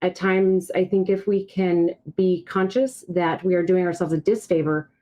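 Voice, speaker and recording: Podcast guest: woman from Brazil, native Portuguese speaker, lowish voice, candid and reflective, on a video call. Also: steady tone, moderate pace, dark tone, rough recording. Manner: candid, reflective personal storytelling. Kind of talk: casual podcast conversation.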